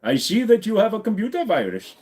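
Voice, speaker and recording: A pushy tech-support scam caller with an Indian accent, put on by a man. His voice sits well above a normal speaking pitch and bounces up and down in a sing-song way. He keeps insisting he can help with everything. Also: huge pitch swings, brisk, darkish tone. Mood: overeager. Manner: overly helpful, insistent.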